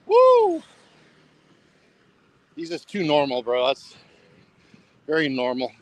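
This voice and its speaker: A man's voice: medium pitch, fairly even intonation, normal speed, no room sound, low-quality recording. A man rambling casually for a travel vlog while walking along a road at night, repeating himself and saying "bro" a lot. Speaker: travel vlogger.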